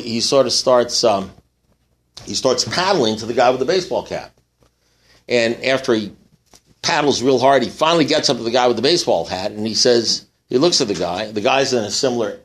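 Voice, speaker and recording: A man speaking at a recovery meeting, telling a long joke and acting out the characters in a rising, excited voice. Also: medium pitch. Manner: animated storyteller, acts out characters in rising voice.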